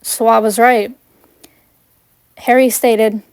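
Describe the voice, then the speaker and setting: Woman reading her fanfic out loud, first person, earnest, kinda high voice, dry sound. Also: level tone, moderate pace, dry recording. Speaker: fan fiction reader.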